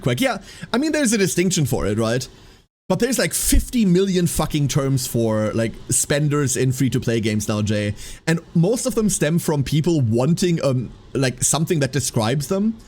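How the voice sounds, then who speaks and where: Male streamer, rambling live-stream chat, voice sitting a touch high and swinging widely. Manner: animated, rambling, tacks a running 'quack' onto lines.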